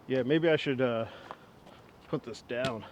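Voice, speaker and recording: A young man in his twenties chatting casually outdoors as he works with an old axe, rambling and poking fun at himself. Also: unhurried. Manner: rambling, self-mocking, chuckles often. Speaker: woodworking vlogger. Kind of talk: casual outdoor demo chat. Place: outdoors in the wind. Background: wind rumble.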